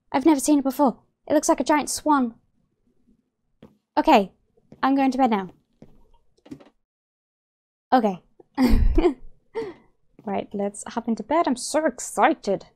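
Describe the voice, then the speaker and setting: A young woman commenting on her own game play, excitable and gasping, rambling as she plays. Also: sits high. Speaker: gaming YouTuber.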